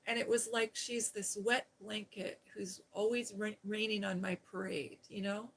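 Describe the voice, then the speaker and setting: A middle-aged woman hosting a live stream, chatting in a rambling, heartfelt, soft-spoken way. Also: mid-range voice, steady tone, measured pace, low-quality recording. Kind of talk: casual live-stream chat.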